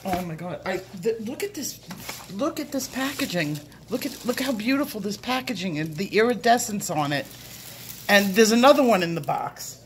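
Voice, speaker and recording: A middle-aged woman hosting an unboxing vlog, gushing breathlessly and shaky with excitement, from a room at home. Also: medium pitch, moderate pace, background noise. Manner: breathless, gushing, repeated exclamations. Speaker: coloring channel host.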